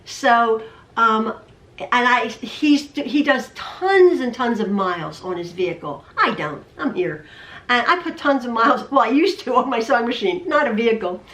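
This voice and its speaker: A woman's voice: on the high side, animated, normal speed, fairly bright tone, recorded from a distance. A woman chatting casually in her home sewing room, rambling, repeating herself and stammering. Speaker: quilting vlogger. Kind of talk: casual chat. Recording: roomy, off-mic.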